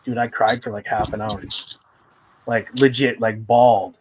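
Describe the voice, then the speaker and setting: A man's voice: on the low side, little pitch movement, moderate pace, slight background noise, low-quality recording. A man talking candidly and emotionally in a casual conversation, a guest sharing a personal story with rambling fillers and moments of fighting back tears.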